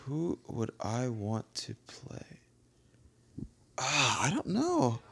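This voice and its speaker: A man's voice: medium pitch, huge pitch swings, extremely slow, vocal fry, fairly bright tone, slight background noise. A man co-hosting a casual chat, asking questions and thinking aloud with hesitant fillers. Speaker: podcast co-host.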